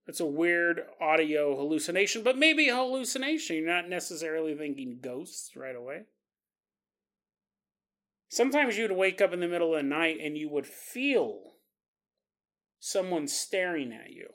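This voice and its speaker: Male podcast host, bright voice, animated casual storyteller who laughs a lot. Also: on the high side, moderate pace. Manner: animated, laughs often, acts out quotes.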